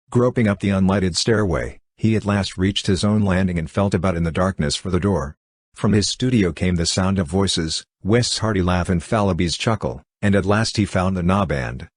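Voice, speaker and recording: An audiobook narrator with a low, husky male voice delivers scripted narration. The studio recording is clean, with no room sound at all.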